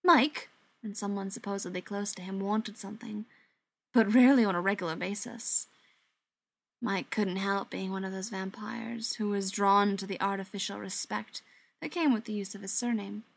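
A woman reading audiobook narration in an even, measured way. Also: medium pitch, creaky. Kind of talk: scripted narration.

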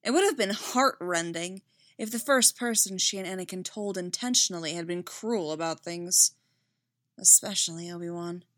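A woman slowly narrating a fan story as an audiobook. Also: on the low side, a bit bright, no echo, studio quality. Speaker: reader.

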